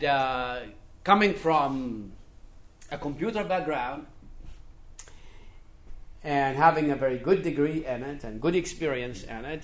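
A man preaching a sermon, dropping to quiet asides and then building to forceful, emphatic passages, often repeating key phrases for stress. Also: a little high, reverberant.

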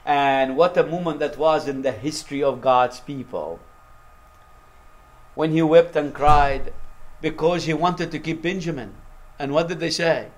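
A man's voice: on the high side, measured pace. A man preaching a sermon, retelling a story animatedly and acting out its quotes.

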